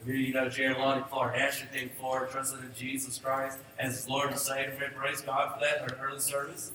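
Earnest pastor preaching in an echoey hall. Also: male voice, medium pitch, monotone, brisk, sharp tone, slight background noise. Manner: earnest, rising to emphatic calls. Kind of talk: sermon. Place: church sanctuary. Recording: echoey church hall, mic from a distance.

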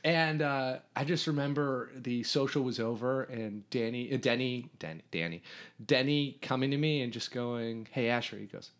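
A man from Hungary, a podcast guest, telling a story in an animated, rambling way with lots of restarts. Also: medium pitch, normal speed. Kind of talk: casual storytelling.

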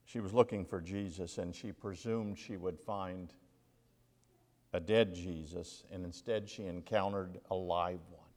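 A male minister preaching a sermon, reading scripture aloud with dramatic pauses and emphasis. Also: low voice, steady tone, darkish tone. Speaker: interim lead minister. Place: church sanctuary. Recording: long reverb of a large hall.

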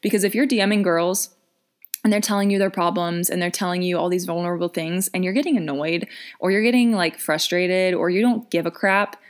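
A woman's voice: lowish voice, fairly even intonation, brisk. A young woman in her twenties giving casual business coaching advice, chatty with lots of fillers and restarts.

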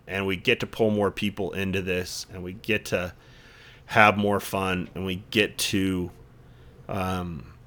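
A man's voice: on the low side, a bit bright. A man hosting a casual podcast conversation, talking in an earnest, reflective way in long, searching sentences. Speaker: podcast host.

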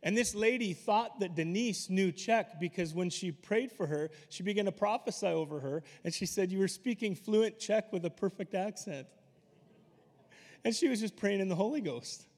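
A man preaching a casual, story-filled sermon with a slightly raised pitch. His voice rings out in a hall with long reverb. He talks easily to the congregation, drifting into asides. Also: a little mellow. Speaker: pastor.

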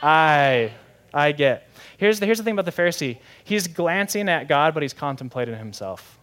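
A young man preaching a sermon in a lively, conversational way, often asking the audience questions. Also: fairly high pitch, moderate pace. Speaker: pastor.

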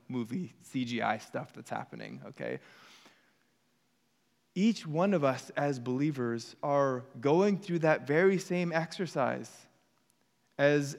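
Preaching in an earnest, conversational way, a pastor with a fairly high voice makes casual asides to his congregation. A long reverb tail follows his speech.

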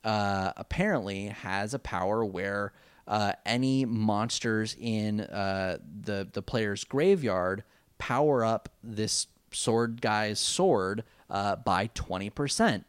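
A man's voice: lowish voice, slow, clean tone, dry recording. A man recapping a cartoon episode in a rambling, jokey casual chat, full of fillers. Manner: rambling and jokey, with many fillers and mock voices. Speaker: podcast co-host recapping an anime.

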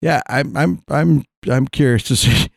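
A man's voice: medium pitch, unhurried, creaky, no echo, clean studio sound. A man co-hosting a podcast in casual, profane banter, laid-back and stammering through restarts. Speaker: podcast co-host.

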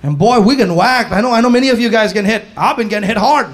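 Male pastor, fervent sermon, high-pitched, soft guitar underneath. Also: very fast, hardly any pauses. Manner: impassioned preaching, swinging from shouts to hushed tones. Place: church hall before a congregation.

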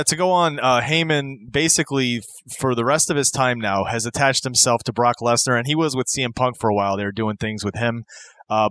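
A man's voice: medium pitch, a bit bright, dry recording. Man chatting casually, dry close sound. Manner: enthusiastic, rambling with restarts. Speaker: podcast co-host. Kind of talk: casual chat.

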